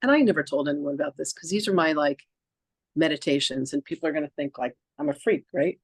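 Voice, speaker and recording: A woman's voice: low voice, quick pace, husky, dry recording. A woman podcast host and reverend telling a personal story in casual chat, acting out the dialogue with lots of "like" and restarts. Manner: chatty, peppered with "like" and restarts.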